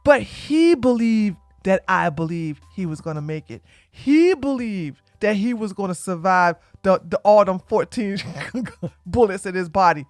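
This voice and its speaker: A woman hosting a livestream, talking to viewers in a blunt, emphatic and preachy way that swings from loud to quiet. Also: mid-range voice, animated, unhurried, no room sound, studio quality, soft background music. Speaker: livestream host. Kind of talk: casual livestream chat.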